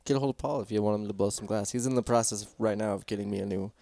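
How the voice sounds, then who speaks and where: A man's voice: on the low side, rapid-fire, vocal fry, dark tone, no room sound, clean studio sound. A man with an American accent hosting a casual podcast chat, playful and laughing often. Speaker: podcast host.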